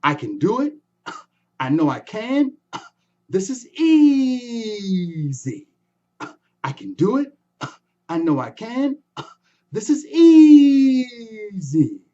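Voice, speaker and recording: A man voicing an impatient, boastful male spider trickster who chants his words in a slow, drawn-out, straining way. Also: on the high side, wildly swooping pitch, a little mellow, dull audio, heavily acted.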